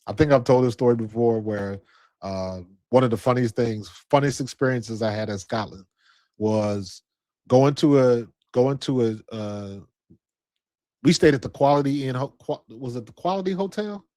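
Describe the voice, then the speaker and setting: A man's voice: mid-range voice, normal speed, warm tone, no room sound. A man hosting a sports podcast, chatting casually and rambling through a story in a laid-back way. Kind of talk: casual chat.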